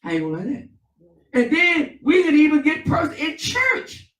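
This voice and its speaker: A man, a pastor preaching a sermon with call and response. He swings between loud, emphatic lines and softer ones. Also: extremely high pitch, wildly swooping pitch, normal speed. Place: church sanctuary. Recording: echoey church, mic at a distance.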